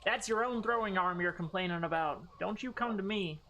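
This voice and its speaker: A woman's voice: medium pitch, brisk, fairly bright tone. A woman streaming a game, chatting casually with a playful, sarcastic manner and loose swearing. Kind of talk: casual gaming stream chat.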